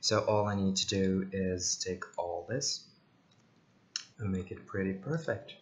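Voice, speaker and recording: Man, low voice, casual screen tutorial, rambling, thinks out loud. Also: measured pace. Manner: rambling, thinks aloud with many ums and jokes. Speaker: software tutorial host.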